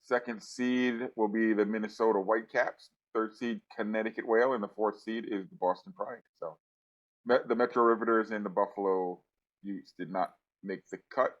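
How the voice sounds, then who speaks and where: A man's voice: fairly low pitch, steady tone, normal speed, muffled recording. A man co-hosting a casual podcast chat and delivering news in a plain, matter-of-fact way. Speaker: podcast co-host and arena announcer.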